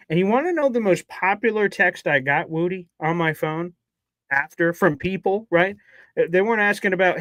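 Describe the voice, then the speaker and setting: A man co-hosting a casual sports talk show, telling a story in a lively way and acting out his own reactions. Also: sits high, moderate pace, no room sound. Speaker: podcast co-host. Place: radio station studio.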